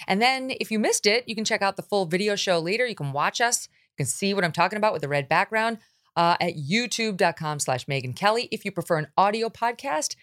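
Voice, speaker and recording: Blunt woman talk-show host. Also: fairly low pitch. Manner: blunt, animated, quick to laugh.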